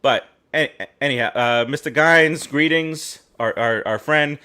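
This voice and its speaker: A man's voice: fairly high pitch, bright, forceful tone, clear, resonant tone. Rambling New sports podcaster, man. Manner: rambling, halting with many fillers and restarts. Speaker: podcast co-host. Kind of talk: casual sports talk.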